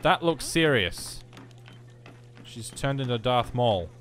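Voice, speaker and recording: A man's voice: medium pitch, animated, takes it slowly, a bit bright, faint music behind. A young man giving casual, self-mocking let's-play commentary, chatting to the game as he plays. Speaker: gaming video host.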